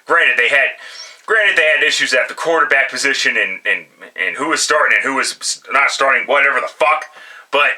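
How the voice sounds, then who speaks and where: A man's voice: medium pitch, brisk, sharp tone, rough recording. A man giving blunt, profane football picks in casual solo commentary, often restarting his sentences. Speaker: sports picks vlogger.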